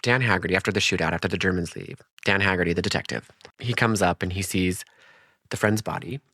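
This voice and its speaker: Very low-voiced woman podcast co-host. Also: fast talker, breathy edge, dry recording, studio quality. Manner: profane, animated, acts out characters in mock voices. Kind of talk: casual movie recap chat.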